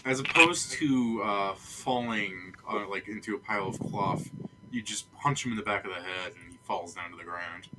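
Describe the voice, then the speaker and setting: A man's voice: on the low side, normal speed, bright, forceful tone, slight background noise. A man running a tabletop game as game master, chatty and laughing often.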